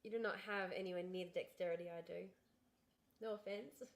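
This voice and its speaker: A woman's voice: lowish voice, steady tone, brisk, vocal fry. A young woman livestreaming from home, chatting frankly and casually straight to her viewers into a desk microphone. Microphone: desk streaming microphone.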